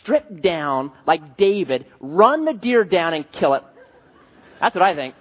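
A man preaching a sermon, an animated, joking storyteller who also reads scripture aloud. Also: high-pitched, unhurried, a faint crowd. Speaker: pastor. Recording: dull sound, long hall reverb.

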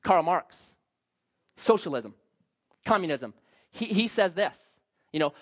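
A man preaching a sermon, swinging between loud emphasis and quiet, low asides. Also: sing-song, moderate pace, pauses often, lo-fi sound. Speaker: pastor.

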